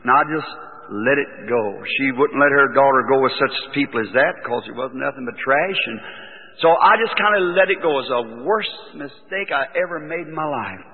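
A man, a preacher telling a story from the pulpit in a folksy way that rises into excited exclamations. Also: mid-range voice, normal speed. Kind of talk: storytelling sermon. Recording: old phone-like recording in a reverberant hall.

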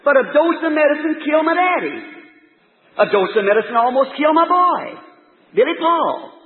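A middle-aged man, preaching a sermon with impassioned, folksy storytelling that swings from loud to hushed. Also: extremely high pitch, sing-song, normal speed. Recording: echoey hall, thin phone-like old tape.

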